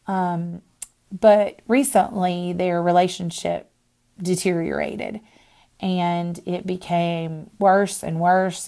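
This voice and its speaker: Gravelly low-voiced woman telling a faith story. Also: dark tone. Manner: earnest, many pauses and restarts. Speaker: discipleship minister and podcast host.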